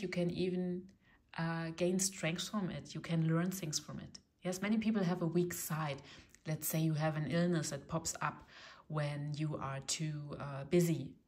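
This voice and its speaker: Gentle German woman reading tarot. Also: low-pitched. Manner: gentle, reassuring, often asks "yes?". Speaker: tarot reader. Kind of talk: casual tarot reading talk.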